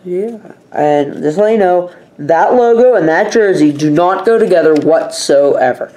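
A man's voice: high-pitched, lively intonation, a little slow, warm tone. A young man chatting casually in his own vlog, rambling and emphatic in his opinions. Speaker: vlogger.

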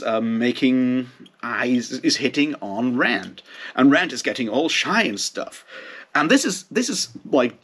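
A man's voice: mid-range voice, fairly bright tone, slightly rough. A man giving a casual spoken book review, ranting in a heated, profane way.

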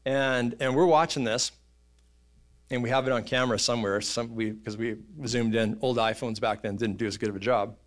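A man, preaching a sermon in a church, telling stories in an animated way and acting out voices and sounds. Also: mid-range voice, moderate pace. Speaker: pastor. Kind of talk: casual sermon storytelling. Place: church auditorium.

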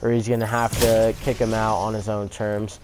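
A man's voice: on the low side, little pitch movement, moderate pace. A young man telling a rambling story-time vlog, swearing often and leaning on "like". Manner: rambling, swears a lot, fillers like "like". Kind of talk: casual story time over gameplay. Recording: gameplay gunfire noise behind. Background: video game gunfire.

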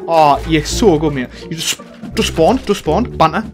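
A young man commentating his own gameplay in casual chat, excitable and swearing a lot, shouting taunts at other players. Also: fairly high pitch, normal speed, over music. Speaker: gaming channel host.

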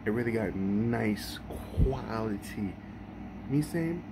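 A man giving casual reaction commentary, animated and repeating himself, stumbling over his words. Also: on the low side, measured pace, background noise. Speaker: vlogger.

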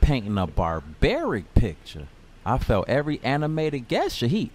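A man's voice: mid-range voice, moderate pace, a little hiss or hum. A man narrating a comic street story in slang, acting out the dialogue. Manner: slangy and animated, acts out dialogue.

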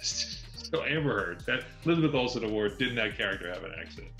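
A man's voice: fairly low pitch, expressive, a little fast, bright, forceful tone, faint music behind. Enthusiastic male co-host in an echoey room. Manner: enthusiastic, long explanations. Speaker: co-host of a film podcast. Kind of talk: casual review chat.

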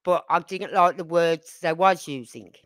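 A woman's voice: on the low side, unhurried, a bit bright, no echo. An older woman hosting a casual live stream, rambling through family stories with frequent asides and questions to her viewers. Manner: rambling, talks straight to viewers with tag questions. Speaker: livestream host.

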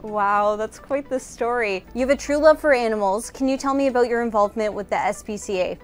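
A woman's voice: fairly high pitch, a little fast, soft background music. A woman hosting an interview show, reading a polished introduction and prepared questions. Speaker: talk show host.

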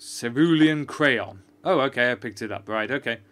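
A man's voice: medium pitch, moderate pace, a bit bright. A man giving chatty, joking, sarcastic commentary while playing a video game. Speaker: gamer. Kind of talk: let's-play commentary.

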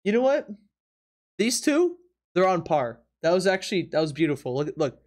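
A man's voice: sits high, sing-song, moderate pace, a little mellow. A man streaming live from his apartment, chatting casually with viewers, laughing often and reacting in disbelief while teasing his chat.

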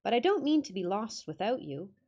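An earnest young traveler, lost in the snow, speaks eagerly and politely as he asks for a guide , read by a woman narrating a ghost story. His voice is a touch higher than the narrator's own. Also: very animated, fairly quick, a little mellow, slightly rough. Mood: eager pleading.

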